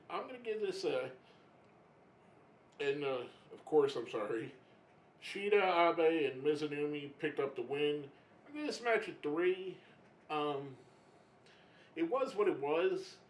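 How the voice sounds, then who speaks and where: A man talks through a casual review in a slightly raised voice. He is emotional and halting, choking up and breaking off mid-sentence before starting again. The sound is roomy and echoey. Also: on the high side. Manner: emotional, gets choked up, halting restarts. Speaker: wrestling reviewer.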